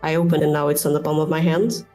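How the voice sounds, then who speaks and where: A woman's voice: low-pitched, flat delivery, quick pace, dark tone, soft background music, close to an everyday voice. A woman voicing an earnest young male fire mage apprentice, speaking thoughtfully.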